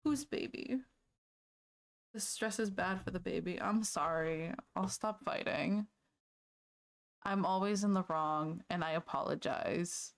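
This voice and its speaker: A woman livestreaming from home, chatting casually and playfully with her viewers, easily sidetracked and quick to laugh. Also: lowish voice, steady tone, gravelly. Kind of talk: casual chat with live viewers.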